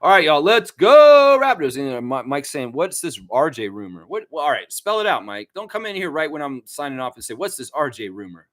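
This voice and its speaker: A man hosting a casual fan livestream, rambling and animated as he talks to his chat. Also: medium pitch, fairly quick, hardly any pauses, no echo. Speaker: fan channel host.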